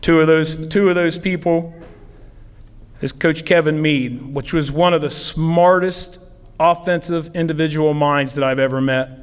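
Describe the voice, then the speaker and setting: A man's voice: fairly high pitch, steady tone, measured pace, clear, resonant tone. A middle-aged man from southeastern Ohio, a football coach giving an acceptance speech, telling stories in a rambling, heartfelt way with many fillers. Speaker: football coach, hall of fame inductee. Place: ceremony hall. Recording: long hall reverb.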